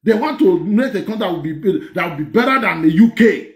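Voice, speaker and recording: This Nigerian man's political commentary on clips is lively, excited, and mocking, full of laughter and Pidgin mixed into English. He speaks a little fast in a high voice, with an echoey room around him.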